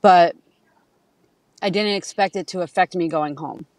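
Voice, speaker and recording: A woman's voice: fairly low pitch, measured pace, darkish tone, no echo. Candid woman telling stories in a dry room. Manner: candid storytelling, acts out quotes, swears freely. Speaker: podcast guest, caregiver. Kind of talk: casual conversation.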